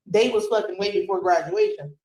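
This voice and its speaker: A woman's voice: mid-range voice, fairly quick, a little mellow. A middle-aged woman hosting a livestream, ranting in a heated, profane way and firing off rhetorical questions. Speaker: streamer host. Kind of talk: livestream commentary reacting to a clip. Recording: roomy echo.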